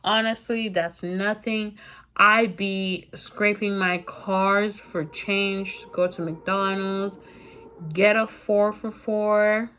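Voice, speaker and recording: A woman's voice: medium pitch, level tone, takes it slowly, fairly bright tone, smooth. A woman voicing a blunt young woman who scolds her friend in a storytime vlog, mocking and dismissive. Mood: scornful.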